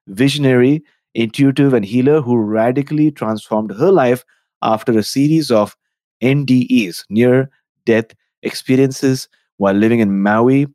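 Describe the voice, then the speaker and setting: Male interview host, mid-pitched voice, dry close sound, reads intros then asks open questions. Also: darkish tone, dry recording. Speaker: podcast host.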